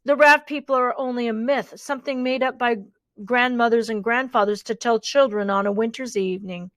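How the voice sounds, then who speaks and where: A woman voicing a gruff, doubting grown man in a storybook reading. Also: on the high side, steady tone, a little fast, fairly bright tone, no echo, close to an everyday voice. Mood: scoffing.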